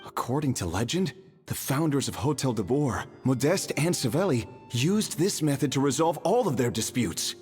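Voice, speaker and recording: A man playing a hotel staffer in a video game, recounting an old legend in an explanatory, storytelling tone with a lively pitch. Light reverb and soft music underneath. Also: moderate pace, close to an everyday voice. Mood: explaining. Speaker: game character.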